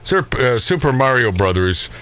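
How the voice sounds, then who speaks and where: A man's voice: mid-range voice, very animated, normal speed, a bit bright, slight background noise. A middle-aged man hosting a radio talk show, rambling and joking with frequent laughs. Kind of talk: casual talk radio banter.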